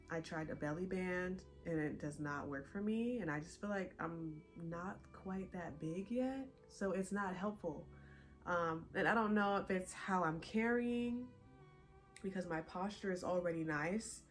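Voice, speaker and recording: A young woman vlogger chatting casually to her viewers, a bit out of breath and animated. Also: on the low side. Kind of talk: casual chat to camera.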